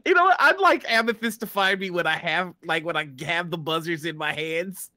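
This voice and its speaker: A tabletop game player who describes their moves hesitantly, with frequent laughs. The pitch is mid-range, and the voice sounds close and dry. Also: lively intonation, brisk, pushed and bright, no echo. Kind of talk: casual tabletop game chat.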